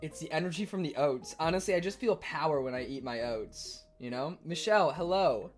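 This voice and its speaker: A male streamer chatting live with his viewers, reading their messages aloud and arguing back defensively between bites. His pitch swings up and down a lot as he talks. Soft music plays faintly underneath. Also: expressive. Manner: reads chat aloud and answers, eating on stream; defensive, quick to argue. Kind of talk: casual livestream chat.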